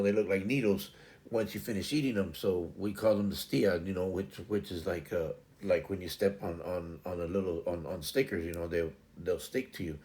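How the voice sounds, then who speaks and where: A middle-aged man hosts a casual live stream, chatting to viewers and rambling with plenty of repeated words and fillers. His voice is lowish with a darkish tone.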